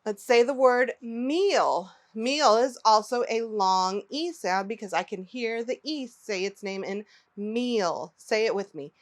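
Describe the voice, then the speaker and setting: A woman with a fairly high voice teaching phonics to small children. She speaks slowly and articulates every word with care. She repeats each word and asks the listener to say it with her. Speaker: early-learning teacher. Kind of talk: slow, clearly enunciated phonics lesson for young children.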